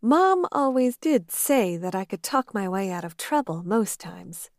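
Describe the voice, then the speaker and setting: A woman's voice: mid-range voice, big pitch swings, unhurried, no echo, clean studio sound. A woman reader voicing a shy, flustered young woman office worker who stammers nervously. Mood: bashful.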